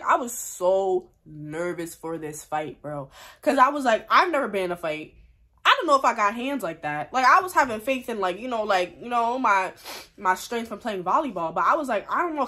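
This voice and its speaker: A young woman vlogger telling a storytime in casual slang, animated and heated, with many fillers. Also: on the high side.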